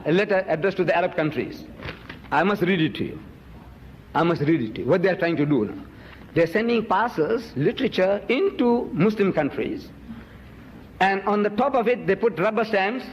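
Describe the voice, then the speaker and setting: Emphatic high-voiced man lecturing. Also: expressive, normal speed, long reverb tail, highs cut off, slight background noise. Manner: emphatic, accusing, swings pitch up sharply on key words. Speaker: Muslim preacher and debater. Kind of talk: public lecture to an audience.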